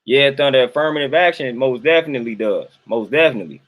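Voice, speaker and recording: A man's voice: mid-range voice, expressive, fast, a bit bright. A young adult man, casually talking to his livestream chat, colloquial and repeating himself for emphasis. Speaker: livestream host reading chat.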